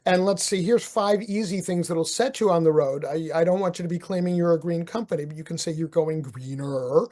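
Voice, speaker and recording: Animated older man telling stories. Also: on the high side, brisk, few pauses. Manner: animated storyteller, chuckles, restarts. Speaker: podcast guest, marketing author. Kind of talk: casual interview talk.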